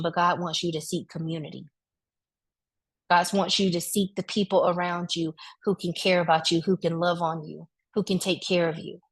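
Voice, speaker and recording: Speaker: woman with a lowish voice, giving a motivational grief talk in a loose, colloquial preaching style. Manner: conversational preaching, addresses the crowd directly; relaxed colloquial speech with vivid asides. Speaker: speaker at a wellness event.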